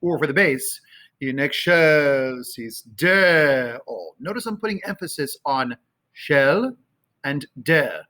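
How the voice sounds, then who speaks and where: Man, choir teacher, slightly high voice, casual, sings drawn-out demo phrases. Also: animated, bright, forceful tone. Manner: sings and chants phrases slowly to demonstrate; conversational with fillers. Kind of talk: choral rehearsal instruction. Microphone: camera, sometimes moving off it.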